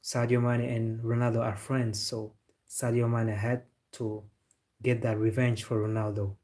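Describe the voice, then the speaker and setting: A man's voice: mid-range voice, level tone, a little slow, a little mellow. A man from Senegal hosting a football live stream. He chats casually, answers viewer comments, jokes and says "bro" a lot. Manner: laid-back, joking, says "bro" often.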